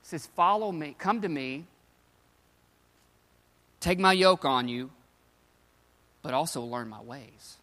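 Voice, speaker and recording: A man preaching with a high, bright, forceful voice, telling the story in loose everyday slang. His words ring out with a long reverb, as in a large hall. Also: lively intonation, slow pace, long pauses. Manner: casual storytelling, slangy paraphrase of scripture. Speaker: pastor. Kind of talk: sermon.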